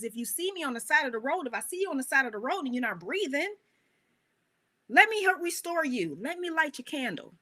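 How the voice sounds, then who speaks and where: A woman coach giving an animated, emphatic motivational talk, full of rhetorical questions. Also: sits high, fairly quick.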